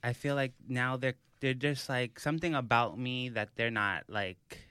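A young man on a podcast, telling an animated story in casual chat, full of fillers. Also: medium pitch, moderate pace, clean tone, no echo, studio quality. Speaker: podcast host.

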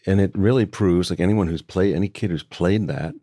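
An older man, a book author talking as a guest, speaking in a thoughtful, measured way with frequent restarts. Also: deep voice, dark tone, no room sound, studio quality. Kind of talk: reflective conversation.

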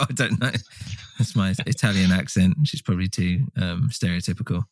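Laid-back low-voiced man, joking. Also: fairly quick, no echo, studio quality. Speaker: podcast co-host. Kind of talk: casual film discussion.

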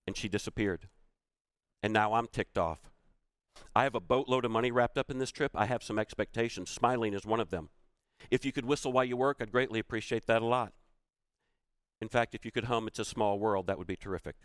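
A man's voice: mid-range voice, fairly quick, no echo. A middle-aged man giving a storytelling keynote talk, acting out the quoted voices of the people in his story. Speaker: keynote speaker.

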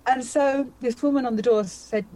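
A woman's voice: high-pitched, steady tone, moderate pace, dark tone, rough recording. A woman in her fifties, a magician guest on a podcast, telling a personal story vividly and acting out her own thoughts as she goes. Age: 50s. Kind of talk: animated storytelling in a conversation.

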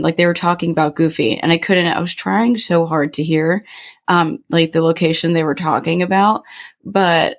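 A woman's voice: lowish voice, fairly even intonation, moderate pace. A woman co-hosting a podcast, telling a personal story in casual chat with lots of fillers. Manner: chatty storytelling with many fillers. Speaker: podcast co-host.

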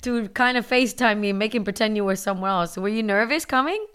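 Smooth-voiced woman co-hosting with a laugh. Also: mid-range voice, quick pace. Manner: lively, laughs often. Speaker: podcast co-host. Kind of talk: casual family chat.

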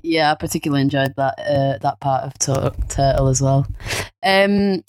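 A woman's voice: very deep voice, steady tone, normal speed, a little mellow, dry recording. A woman hosting a podcast, chatting casually and asking questions with a few hesitations. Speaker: podcast host. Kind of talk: casual chat.

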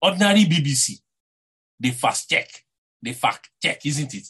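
A man with a Nigerian accent preaching a sermon, animated and rhetorical, often repeating words and asking his listeners "eh?". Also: a little high, normal speed, slightly rough.

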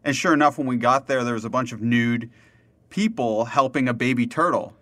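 A young man on a podcast telling a story in casual chat, animated and laughing often, with many fillers. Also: mid-range voice, brisk, no echo.

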